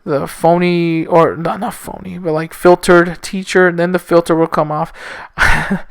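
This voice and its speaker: A man's voice: on the high side, steady tone, a little slow, gravelly, clear, resonant tone, dry recording. A young man hosting a casual solo podcast, rambling and self-mocking with loose, profane asides. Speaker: podcast host.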